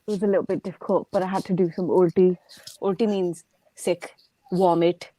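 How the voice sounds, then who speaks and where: A woman's voice: fairly low pitch, steady tone, a little fast, dark tone, dry recording, rough recording. A woman on a live online panel, teasing the others and giggling. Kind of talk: casual live panel chat.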